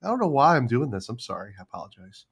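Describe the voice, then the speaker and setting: A man's voice: mid-range voice, sing-song, quick pace, vocal fry, slightly rough. A man co-hosting a podcast, joking around and teasing his co-host. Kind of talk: casual chat.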